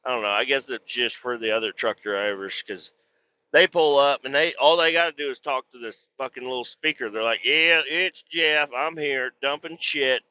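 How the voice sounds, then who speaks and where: A man's voice: medium pitch, a little fast, sharp tone, lo-fi sound. Profane, rambling truck-driving man. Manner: profane, rambling storyteller with mimicked voices. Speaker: truck driver vlogger. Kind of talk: casual rambling vlog while driving. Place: inside a truck cab.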